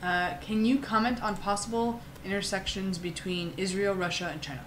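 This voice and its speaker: A woman co-hosting a live stream, reading viewer questions aloud in a soft-spoken way. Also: mid-range voice, steady tone, moderate pace. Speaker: co-host reading chat questions. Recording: echoey room, off-mic with noise.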